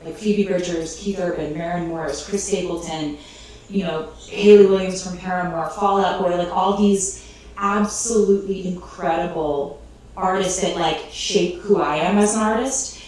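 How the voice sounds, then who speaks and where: A woman's voice: fairly low pitch, fairly even intonation, moderate pace, a little mellow. A woman telling an emotional story in an interview, rambling with fillers and restarts and laughing through tears. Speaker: interview guest. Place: clip replayed in a room during a livestream. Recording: echoey, distant playback with faint noise.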